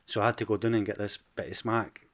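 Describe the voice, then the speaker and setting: Scottish man, forties, Edinburgh accent, lowish, candid guest storyteller. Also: level tone, quick pace. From Scotland. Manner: frank storytelling, swears freely. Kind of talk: casual podcast interview.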